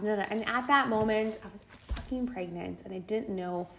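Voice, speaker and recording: Woman in her 30s chatting on a podcast, lively storyteller, does the voices, laughs a lot. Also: mid-range voice, brisk, slight background noise. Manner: animated storyteller, acts out quotes, laughs and swears. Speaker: podcast co-host. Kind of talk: casual chat.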